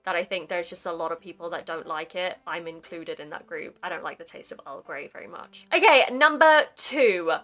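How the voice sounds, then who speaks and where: A woman's voice: mid-range voice, fairly bright tone. A young woman from the UK, chatting casually to camera as a vlogger and acting out little quoted questions.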